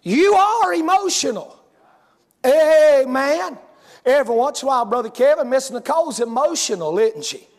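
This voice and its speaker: A male preacher with a strikingly high-pitched voice. He tells homespun stories to his congregation in a folksy way and works up to loud hollering. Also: lively intonation, moderate pace, in a large hall. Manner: folksy storytelling, rising to hollering. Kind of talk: sermon.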